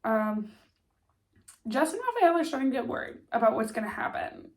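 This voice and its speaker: A woman's voice: fairly high pitch, sing-song, moderate pace. A woman with a stuffy nose casually recapping a TV series, chatty and full of "like" and "um". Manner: chatty, lots of "like" and "um" fillers. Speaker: TV recap vlogger.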